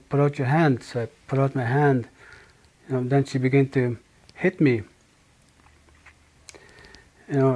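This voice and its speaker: A middle-aged man from Manitoba giving a personal testimony, speaking slowly and haltingly with many pauses and restarts. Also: mid-range voice, darkish tone. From Manitoba, Canada. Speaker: speaker sharing his life story.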